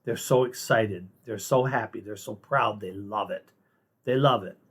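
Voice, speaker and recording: A man's voice: lowish voice, a little slow, husky. Blunt, sarcastic American man. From United States. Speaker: political commentary host. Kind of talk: casual opinion monologue.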